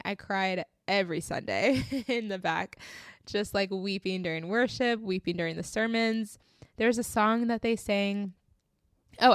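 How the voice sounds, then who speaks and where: A woman's voice: medium pitch, smooth, no echo. A young woman hosting a faith podcast, earnestly telling her testimony in a casual, heartfelt way, close to tears and saying "like" often. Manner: earnest, heartfelt, often tearful, says "like" a lot.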